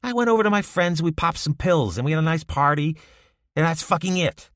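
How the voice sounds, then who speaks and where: Man voicing a profane young male drug dealer, raised pitch, gravelly edge, dry close sound, audiobook character. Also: big pitch swings, normal speed, dry recording. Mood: hostile. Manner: profane, aggressive outbursts.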